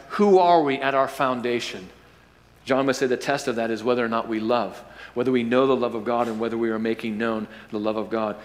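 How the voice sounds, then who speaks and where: A male pastor preaching a sermon, with emphatic, drawn-out stresses and rhetorical questions. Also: medium pitch. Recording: hall reverb.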